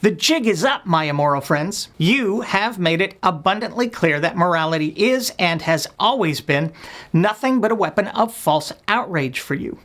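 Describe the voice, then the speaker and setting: A woman's voice: lowish voice, expressive, moderate pace. A woman hosting a web show, delivering a scripted satirical rant in a sarcastic, scornful, blunt manner. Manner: blunt, profane.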